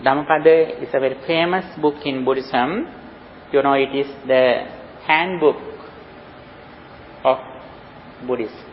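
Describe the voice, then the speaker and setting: Slow-spoken Sri Lankan monk in a hall. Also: male voice, medium pitch, a little hiss or hum. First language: Sinhala. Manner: slow, halting delivery with many pauses and "you know". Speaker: Buddhist monk teacher. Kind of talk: dharma talk. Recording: dull lo-fi recording in a reverberant hall.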